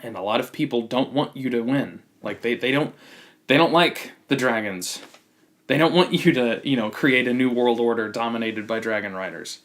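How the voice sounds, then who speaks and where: Male podcast host, mid-pitched, casual and opinionated, blunt critic who restarts sentences often. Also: normal speed, fairly bright tone. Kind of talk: casual movie review chat.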